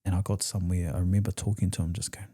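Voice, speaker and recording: A man's voice: sits low, flat delivery, racing, dark tone, husky. A man with a New Zealand accent, a podcast guest telling his personal story in a raw, emotional way, swearing freely and re-enacting past conversations.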